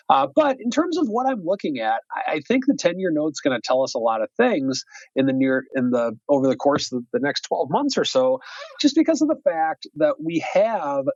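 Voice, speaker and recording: A wealth manager talking through bond and stock markets in casual commentary, thinking aloud with many fillers and restarts. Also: male voice, medium pitch, slightly rough, no room sound, muffled recording.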